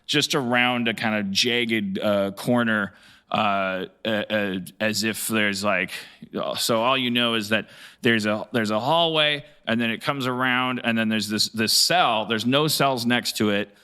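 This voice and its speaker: A man narrating a tabletop game as game master, making up the scene as he goes and pausing often to find his words. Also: on the low side, sharp tone, clear, resonant tone. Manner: halting, searching for words.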